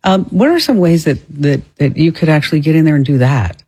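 Lively host with a New Jersey accent. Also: male voice, on the high side, slightly rough. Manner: animated, quick to laugh. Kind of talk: casual radio talk.

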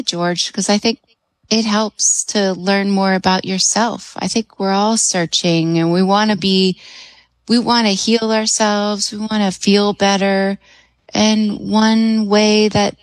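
A woman's voice: medium pitch, no echo, low-quality recording. A woman guest on a radio talk show, speaking as a hypnotherapist in an enthusiastic, chatty way and laughing often.

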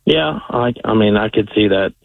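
A man calling in to a radio show, his voice low and gravelly. He speaks haltingly and fills the gaps with ums. It comes through a thin, tinny phone line. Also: animated, no room sound. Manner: hesitant, lots of fillers. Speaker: caller. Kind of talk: phone-in call.

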